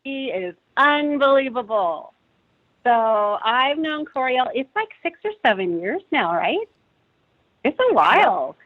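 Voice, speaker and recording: A woman's voice: high voice, big pitch swings, unhurried, phone-quality sound. A woman calling in as a friend of the guest, speaking with emotion and pouring out praise. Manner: emotional, gushing, full of praise. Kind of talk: heartfelt testimonial.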